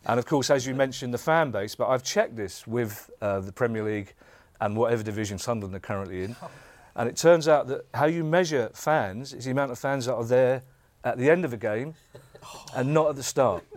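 Man, South London accent, middle-aged, comedian, dry mock-boasting, panel show banter, mid pitch. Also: fairly quick, no echo. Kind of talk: comic argument on a panel show.

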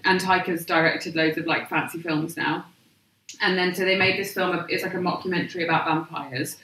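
A woman's voice: fairly low pitch, fairly even intonation, moderate pace, bright, forceful tone. A woman comedian chatting as a guest, rambling and giggly, poking fun at herself. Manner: giggly, rambling, self-deprecating. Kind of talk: casual chat. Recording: echoey live room from far off.

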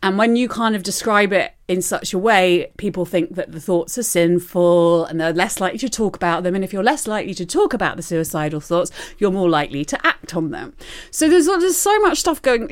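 A woman guest on a podcast, talking candidly and expressively in conversation, swearing casually. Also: moderate pace. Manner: frank and expressive, swears casually, wide swings in pitch.

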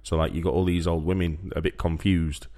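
Sheffield lad cohosting a podcast, laughs a lot, repeats himself, lowish voice. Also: male voice, flat delivery, fairly quick, dark tone. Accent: Sheffield English. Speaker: podcast co-host. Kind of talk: casual chat.

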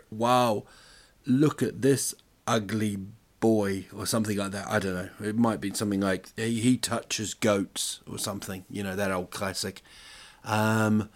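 Rambling, self-mocking man with a low voice. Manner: self-mocking, jokey, many fillers and restarts. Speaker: podcast host. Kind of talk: rambling solo monologue.

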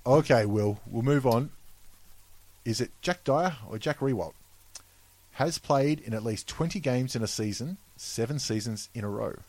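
A man's voice: medium pitch, moderate pace, darkish tone, low-quality recording. An Australian man hosting a casual podcast quiz, reading questions with plenty of fillers and laughing often. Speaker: quiz host.

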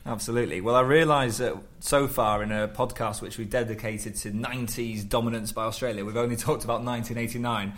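A man at a middle pitch hosts the chat, steady as he introduces clips and moves the discussion along. He speaks in a relaxed, conversational way. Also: fast, few pauses. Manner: steady, presenting links and cues. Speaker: podcast host. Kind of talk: casual chat.

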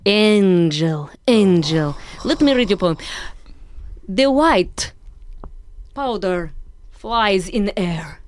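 A man's voice: high voice, lively intonation, full character voice. A man playing a pompous male dictator who speaks broken English in an improvised comedy sketch. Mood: wooing. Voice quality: broken English, slow and grand.

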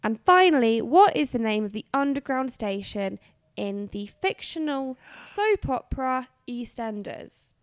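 A woman hosting a podcast quiz, reading questions briskly and teasing her co-host. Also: a little high, sing-song, clean tone, dry recording. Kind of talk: playful quiz banter.

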